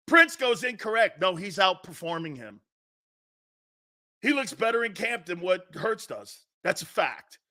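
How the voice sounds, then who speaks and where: A man hosting a sports talk show, shouting, taunting and laughing in a wildly excitable, mocking way. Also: sits high, takes it slowly.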